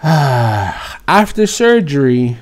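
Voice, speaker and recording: A man's voice: medium pitch, very animated, drawn-out words. A young man vlogging a personal story time in a casual, profane, rambling and exasperated way.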